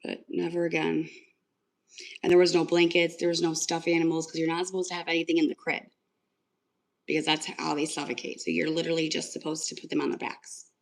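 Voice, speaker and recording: A woman's voice: low-pitched, level tone, a little fast, creaky, poor audio. A young woman talking casually on a livestream, telling a story in an emotional, rambling way with lots of fillers. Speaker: livestream host.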